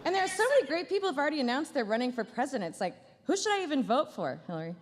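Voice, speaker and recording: A woman's voice: high voice, sing-song, rapid-fire, long reverb tail. A woman comedian doing a stand-up roast at a banquet dinner, with a dry, sarcastic delivery and playful asides. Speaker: comedian headlining a gala dinner. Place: large banquet hall.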